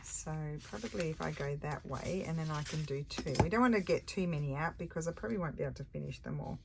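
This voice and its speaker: An older Australian woman with a low voice talks through a craft project at her table, chatty and easily sidetracked. She sounds tired. Steady noise runs under the recording. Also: quick pace, creaky. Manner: chatty, easily distracted, thinks aloud while working. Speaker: craft channel host. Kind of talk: casual crafting chat.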